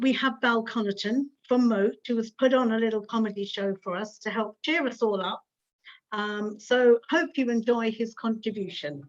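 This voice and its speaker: A woman hosting an online community event, thanking speakers and introducing the next act over a video call. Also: medium pitch. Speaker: event host. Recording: dull lo-fi call audio.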